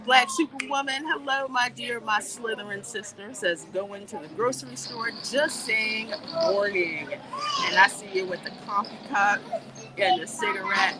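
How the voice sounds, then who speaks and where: A woman hosting a casual livestream while walking through a theme park, reading viewer comments and chatting in an animated way. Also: on the high side, moderate pace. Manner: chatty and animated, warm greetings, laughs often. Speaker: livestream host. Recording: noisy outdoor livestream audio. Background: park ambience and music.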